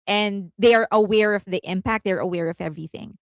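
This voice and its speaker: A woman's voice: medium pitch, a little fast, no echo. A woman hosting casual commentary, chatty, often giggling and correcting herself mid-sentence. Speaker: host.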